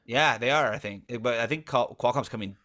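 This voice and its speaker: A man's voice: medium pitch, brisk, bright, forceful tone. A man co-hosting a casual sports podcast, blunt and profane, telling stories with animation. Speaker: podcast co-host.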